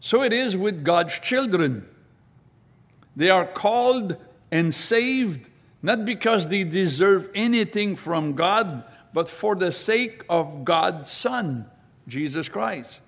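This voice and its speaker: A man preaching a sermon, reading scripture aloud and explaining it slowly and deliberately. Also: high voice, animated, a bit bright.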